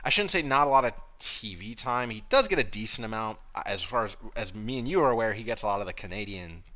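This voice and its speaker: A young man co-hosting a casual podcast, laughing often and trailing off quietly. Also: lowish voice, expressive, quick pace. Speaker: co-host.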